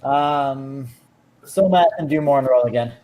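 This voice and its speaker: A man running a tabletop game as game master, narrating casually in a halting way with many filler words. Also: medium pitch, dark tone.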